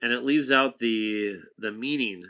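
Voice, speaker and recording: A man spins a loose, chatty anecdote in a bright, forceful voice. He wanders and restarts, pausing for asides to his listener. His pitch sits in a normal middle register. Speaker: storyteller talking to a companion. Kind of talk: casual anecdote telling.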